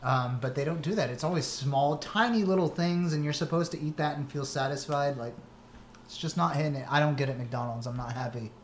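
Guy ranting on a casual podcast, gets loud and jumpy, echoey room w a little hiss. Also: a little fast. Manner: ranting, animated complaints with big pitch jumps. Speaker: podcast co-host. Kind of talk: casual chat. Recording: echoey room with faint noise.

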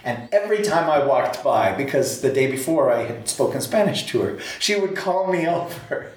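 A man in casual chat who tells stories in an animated way, stammering and restarting his sentences often. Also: mid-range voice, normal speed. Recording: echoey room, faint background noise.

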